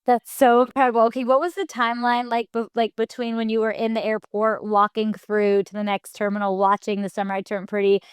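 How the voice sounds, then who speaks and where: Woman podcast host, eager and gushing, higher-pitched, smooth clear voice, dry sound. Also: level tone, a little fast, hardly any pauses, no room sound. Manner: eager, gushing reactions and questions. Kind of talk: casual interview. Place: podcast studio.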